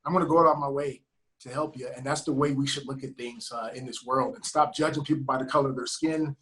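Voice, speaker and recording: A man's voice: medium pitch, steady tone, quick pace, fairly bright tone, rough recording. A man, a sheriff's deputy, earnestly telling a heartfelt story on a video call and acting out the dialogue. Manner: earnest, emphatic, acts out quoted dialogue.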